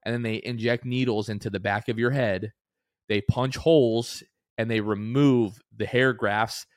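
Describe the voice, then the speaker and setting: A young man in his twenties co-hosting a casual sports podcast, an animated storyteller who acts out quoted voices with big jumps in pitch. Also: moderate pace, no echo, studio quality. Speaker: podcast co-host.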